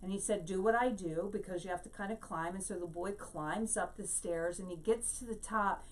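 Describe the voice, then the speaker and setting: A woman giving a Bible teaching, explaining Hebrew words slowly and telling a story to make her point. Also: on the low side, recorded from a distance.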